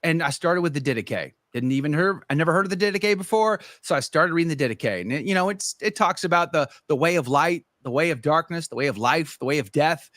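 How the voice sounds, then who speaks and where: A man's voice: a little high, expressive, quick pace, few pauses, fairly bright tone, no echo, clean studio sound. A middle-aged man, a podcast guest, animatedly telling his conversion story in casual conversation and acting out his own past thoughts.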